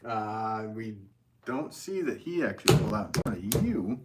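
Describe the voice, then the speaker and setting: Chatty low-voiced potter streaming live. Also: male voice, sing-song, normal speed, noisy background. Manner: rambling, chatty, filler-heavy, laughs often. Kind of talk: casual live-stream chat while working.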